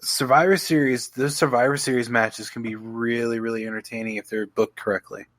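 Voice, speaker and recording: A man's voice: mid-range voice, steady tone, a little fast, fairly bright tone, no room sound. A young man co-hosting a podcast, chatting in an easygoing, dry, joking way. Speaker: podcast co-host. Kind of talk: casual chat.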